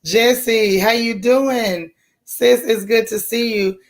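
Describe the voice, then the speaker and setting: A woman's voice: a little high, fairly even intonation, slow pace. A middle-aged woman hosts a casual live chat. Her delivery is folksy and effusive as she thanks viewers and calls out their names one by one. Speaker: YouTube channel host.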